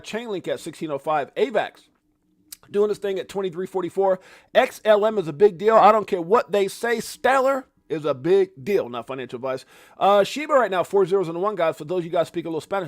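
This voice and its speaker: A middle-aged man hosts a live crypto market show in a loose, joking way, swearing casually and greeting viewers by name. His voice sits a touch high for a man. The sound is dry and close, with no room around it. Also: no room sound. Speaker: crypto livestream host.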